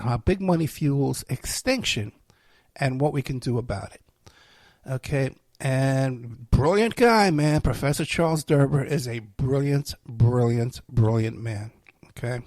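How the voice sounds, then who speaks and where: A man's voice: mid-range voice, vocal fry, a little mellow, slightly rough, dry recording. A man hosting his own show in a rambling, sarcastic, self-mocking monologue. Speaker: host. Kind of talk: casual ranting monologue.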